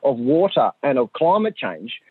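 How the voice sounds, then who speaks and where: A middle-aged man, telling a story in a lively way and acting out the voices of the people in it. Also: medium pitch, normal speed, husky, no echo. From Central Australia. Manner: animated, acts out voices of his sons and others. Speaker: community storyteller. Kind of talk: conversational storytelling. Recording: dry tinny phone-like audio.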